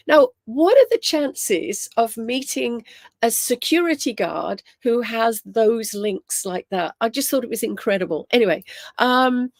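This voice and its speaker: A woman's voice: a little high, moderate pace, a little mellow, dry recording, clean studio sound. A woman hosting a casual livestream on spiritual topics, telling stories with lots of ums and greeting viewers by name.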